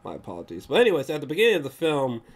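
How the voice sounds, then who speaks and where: A man races through a casual, rambling movie review in a fairly high voice with huge pitch swings. He swears often, acts out scenes in raised voices, and searches for pictures mid-talk.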